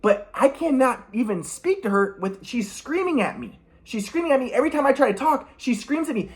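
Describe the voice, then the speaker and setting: A man telling a long personal story in a rambling monologue, halting often with restarts and repeated words and clearing his throat. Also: very high voice, very animated. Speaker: vlogger.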